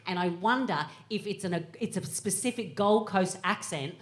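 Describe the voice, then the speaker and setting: An Australian woman in her thirties, a comedian guest riffing with lively, sweary energy on a live comedy podcast stage. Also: medium pitch. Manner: animated, sweary, quick to laugh. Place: live stage before an audience.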